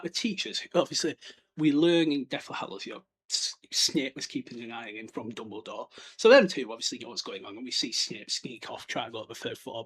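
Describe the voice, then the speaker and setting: In a husky voice pitched on the high side, a male podcast host chats casually through a book chapter. He laughs often and keeps lapsing into silly character voices.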